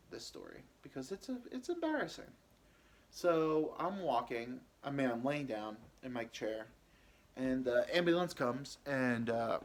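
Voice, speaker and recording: Podcaster, male, mid-pitched; halting, rambling first-person storytelling. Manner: rambling, halting, many fillers and restarts. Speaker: podcast host telling his own story.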